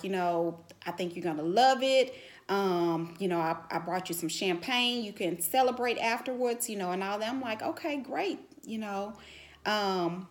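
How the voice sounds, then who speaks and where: A middle-aged woman vlogger telling a personal story to camera in a casual, animated way, full of "you know" fillers and growing emotional. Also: mid-range voice.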